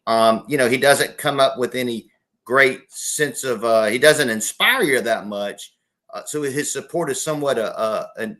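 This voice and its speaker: Man from South Carolina, middle-aged, political guest, folksy, restarts often, mid pitch. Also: normal speed, a bit bright. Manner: folksy, self-correcting, many restarts. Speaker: guest, former state legislator. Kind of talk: political interview.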